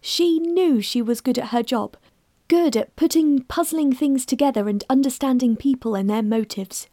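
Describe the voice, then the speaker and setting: A woman narrating a mystery story in a steady, measured reading voice. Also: high voice, no room sound, studio quality. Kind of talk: scripted narration.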